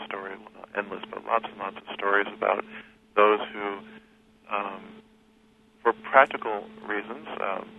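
A man, a guest who teaches history, talking reflectively in an interview, pausing and restarting his sentences often. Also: lowish voice, creaky. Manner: thoughtful, halting with many restarts and fillers. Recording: tinny phone line with faint hiss.

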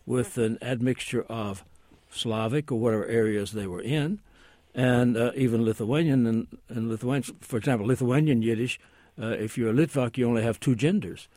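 A man's voice: medium pitch, normal speed, few pauses, darkish tone, no room sound. Rambling, hesitant man explaining on radio. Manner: rambling, many hesitations and asides. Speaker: guest language expert.

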